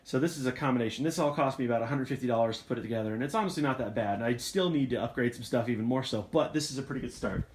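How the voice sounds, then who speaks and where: A man's voice: medium pitch, rapid-fire, hardly any pauses, darkish tone. A young man, a voice actor, chatting casually and joking with viewers during a live Q&A from his home recording setup on a condenser mic. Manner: chatty, jokey, reads out viewer comments. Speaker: voice actor hosting a live Q&A stream. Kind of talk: casual live-stream chat. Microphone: condenser microphone with reflection shield.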